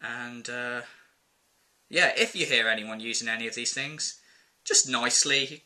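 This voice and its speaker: A man's voice: medium pitch, moderate pace, pushed and bright. A man ranting casually to camera in a vlog, exasperated and rambling, with plenty of filler words. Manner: exasperated, rambling, quotes people in put-on voices. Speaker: vlogger.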